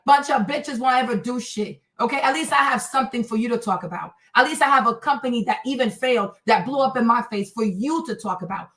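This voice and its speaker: A woman in her thirties hosting a livestream, ranting at her chat in a combative, profane, mocking way with loud, emphatic repetition. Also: high voice. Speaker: livestream host.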